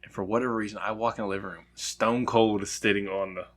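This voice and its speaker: Animated swearing male podcast co-host. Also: fairly low pitch, quick pace. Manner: animated storyteller, swears a lot, acts out quotes loudly. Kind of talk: casual chat.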